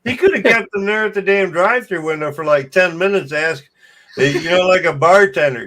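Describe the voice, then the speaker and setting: Male co-host, slightly high voice, crude, quick to laugh. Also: lively intonation, fairly bright tone. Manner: laughs often, crude joking. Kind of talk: casual chat.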